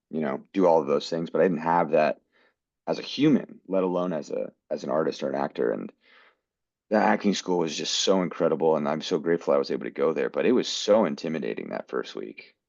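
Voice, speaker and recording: Man, very low voice, american, earnest storyteller, muffled lo-fi sound. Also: gravelly, darkish tone, no echo. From United States. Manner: earnest, quotes people in his stories. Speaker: guest actor. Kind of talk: storytelling interview.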